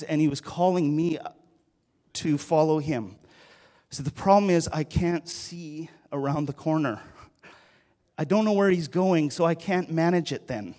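A man's voice: fairly high pitch, darkish tone. A middle-aged man giving a sermon, telling a personal story in an earnest, conversational way that rises in intensity. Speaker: pastor.

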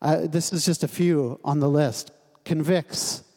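A man's voice: a little high, steady tone, unhurried, warm tone. A man preaching a sermon to a congregation, in a conversational, lightly humorous way, asking his listeners questions. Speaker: pastor. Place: church sanctuary. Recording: long hall reverb.

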